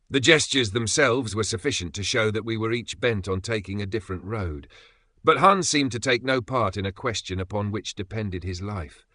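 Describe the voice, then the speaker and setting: Bright-voiced male audiobook narrator. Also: lowish voice, no echo.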